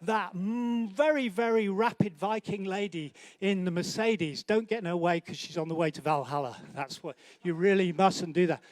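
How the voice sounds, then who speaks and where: Man, awards host, high voice, dry close sound, playful teasing banter, live emcee. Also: normal speed, hardly any pauses, no room sound. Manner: joking, teasing guests by name. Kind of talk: live emcee banter while walking between tables. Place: large indoor banquet hall.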